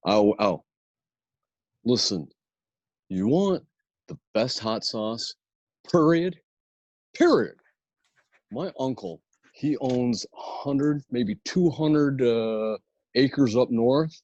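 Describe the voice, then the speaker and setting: A man's voice: mid-range voice, expressive, slow, pauses often, a little mellow, no echo, muffled recording. A man putting on a Michigan accent as a boastful local selling hot sauce, rambling with lots of "uh" and "listen". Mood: boastful salesy. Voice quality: folksy, rambling, full of "uh" and "listen".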